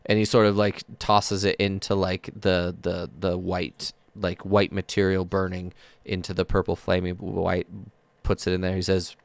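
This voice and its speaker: A man narrates a tabletop game as game master. He talks in a fairly low voice and describes each scene at length, with plenty of fillers. The sound is dry and close. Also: level tone, moderate pace, gravelly, no echo.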